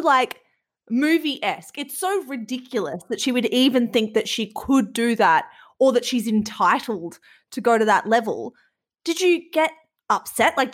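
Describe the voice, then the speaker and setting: A woman host in a casual conversation who reacts with strong emphasis and piles one question on top of another. Her voice is a little higher than usual. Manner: emphatic, fires off rapid questions. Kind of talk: casual chat.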